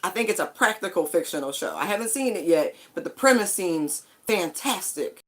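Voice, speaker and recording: A woman's voice: fairly low pitch, lively intonation, normal speed. A woman giving a casual spiritual tarot reading, chatty and emphatic, with casual swearing. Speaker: tarot card reader.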